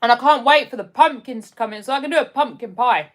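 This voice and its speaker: English woman on a livestream, bit higher voice, chatty and giggly, reads out comments. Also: quick pace. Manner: chatty, laughs often, calls viewers "my darling". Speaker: livestream host. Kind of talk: casual livestream chat reading comments.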